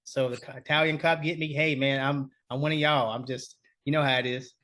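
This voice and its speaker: Male co-host, lively anecdote-teller, swears freely, laughs a lot. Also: medium pitch, a little fast. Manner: animated, profane, laughs often. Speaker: podcast co-host. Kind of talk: casual storytelling chat.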